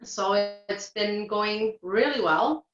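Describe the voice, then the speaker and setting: A woman describes her work in a casual interview, loose and relaxed, with frequent ums and uhs. Her voice sits at a middle pitch. The recording sounds roomy and a little dull. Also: slow pace. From Portugal. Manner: relaxed, many fillers. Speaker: reflexologist guest.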